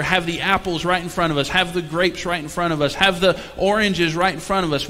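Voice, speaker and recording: A man's voice: high-pitched, pushed and bright. A man preaching a sermon as pastor, talking conversationally and tossing rhetorical questions and jokes to the congregation. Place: church sanctuary. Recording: long reverb of a church hall.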